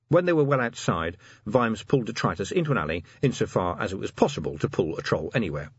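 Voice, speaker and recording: A man's voice: deep voice, expressive, fairly quick, breathy edge, no echo, lo-fi sound. A man narrating an audiobook expressively, giving each character a voice.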